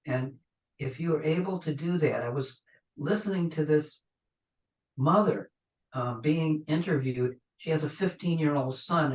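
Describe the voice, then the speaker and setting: Rambling astrologer man, echoey and distant. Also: a little high. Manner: rambling and conversational, acts out imagined reactions. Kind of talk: webinar lecture. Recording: echoey room, distant from the mic.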